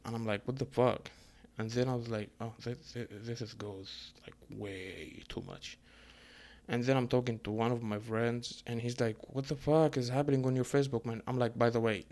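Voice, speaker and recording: A young man, ranting in a casual monologue, animated and profane, with an exasperated manner. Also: lowish voice. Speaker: storyteller.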